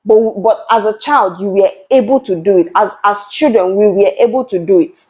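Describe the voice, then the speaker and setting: A woman's voice: mid-range voice, normal speed, darkish tone, poor audio. A young woman, speaking to camera as a channel host in a passionate, emphatic way and often repeating words as she builds her point. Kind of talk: earnest talk-to-camera commentary.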